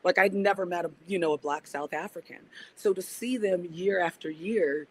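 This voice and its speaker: A woman's voice: fairly low pitch, moderate pace, a little mellow, slight background noise, rough recording. A woman guest on a podcast, an organizer and activist, talking reflectively and restarting her sentences as she thinks. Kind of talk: casual interview conversation.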